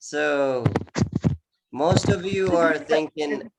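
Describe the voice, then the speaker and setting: A man's voice: on the high side, very slow, gravelly, very noisy. A man teaching an online English exam class, encouraging, repeating words often with many "okay"s. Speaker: IELTS teacher.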